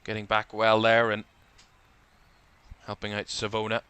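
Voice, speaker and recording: A man's voice: lowish voice, completely flat delivery, measured pace, sharp tone, clean tone, dry recording, muffled recording. A man giving live football commentary for a watchalong stream, calling player names in short bursts and lifting his voice as attacks build, a little tired. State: tired, yawning.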